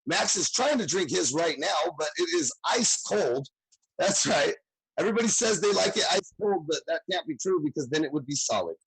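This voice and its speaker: A man's voice: on the high side, lively intonation, moderate pace, gravelly, fairly bright tone, breathy edge, dry recording, rough recording. A man hosting a comedy show over a video call, joking and hyping up the crowd with profane banter. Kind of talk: emcee banter and introductions.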